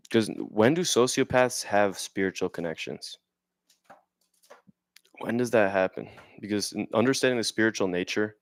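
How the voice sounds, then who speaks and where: A man's voice: fairly low pitch, smooth, no room sound. A young man in casual talk, reading passages aloud and riffing on them in a rambling, slangy way, often asking "right?". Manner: reads passages aloud then riffs on them. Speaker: vlogger. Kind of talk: casual explanatory monologue.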